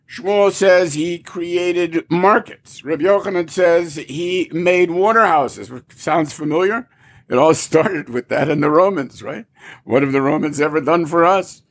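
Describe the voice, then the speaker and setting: A man teaching a Talmud story in a lively storytelling way, acting out the characters' lines. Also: a little high, husky. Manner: animated, acts out characters' lines. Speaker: Torah teacher.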